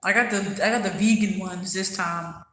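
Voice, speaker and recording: A woman's voice: medium pitch, steady tone, normal speed, fairly bright tone, reverberant, a little hiss or hum, poor audio. A woman hosting a casual livestream, talking candidly and thoughtfully while she eats and answers viewers' comments. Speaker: livestream host.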